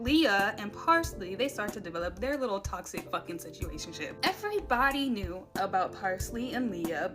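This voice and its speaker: Casual woman storyteller over clear music. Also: mid-range voice. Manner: casual, conversational, swearing. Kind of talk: get-ready-with-me storytime. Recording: music playing behind.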